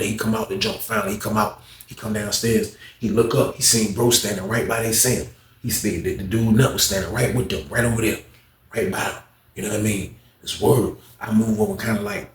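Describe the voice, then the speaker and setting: A man's voice: on the low side, roomy sound, slight background noise. A man casually telling a story in a loose, slangy way, circling back and repeating himself. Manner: slangy, repetitive, acts out others' lines in a raised voice.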